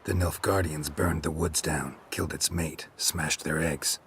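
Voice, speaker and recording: A stoic, gruff monster hunter from a fantasy video game, with an extremely low, rumbling voice. He speaks in short, clipped, deadpan sentences and wastes no words. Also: measured pace, a little hiss or hum, exaggerated voice. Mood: terse.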